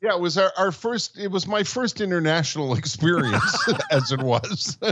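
A man's voice: sits high, wildly swooping pitch, a little slow, background noise. A man in his sixties from Montreal, co-hosting a podcast, telling rambling childhood stories and laughing along the way. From Montreal, Canada. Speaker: podcast co-host. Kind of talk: casual storytelling chat.

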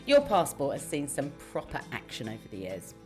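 A woman hosting a casual interview, chatty and quick to react to her guest. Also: very deep voice, wildly swooping pitch, music in the background. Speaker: interviewer host. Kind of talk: casual chat.

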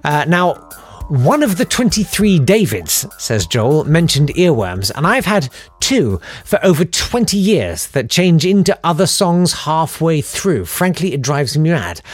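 Man, podcast host, reading listener mail, rambling, self-mocking, animated voice. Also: a little high, a little slow, dry recording, soft background music. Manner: chatty, self-deprecating, rambling asides. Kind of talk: casual chat reading listener emails.

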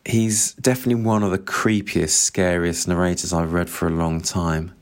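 Deep-voiced man discussing a novel. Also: little pitch movement, normal speed. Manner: engaged, analytical, reads with relish. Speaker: book reviewer. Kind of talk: book discussion with read-aloud quotes.

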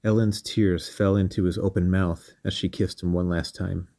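Deep-voiced man narrating calmly. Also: normal speed, no room sound. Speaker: storyteller and podcast host. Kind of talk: scripted story narration.

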